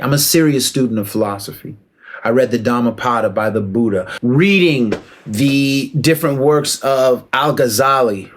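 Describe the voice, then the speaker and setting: A martial arts commentator with a mid-range male voice delivers a casual but emphatic opinion monologue. He preaches at listeners, throwing out rhetorical questions and shout-outs.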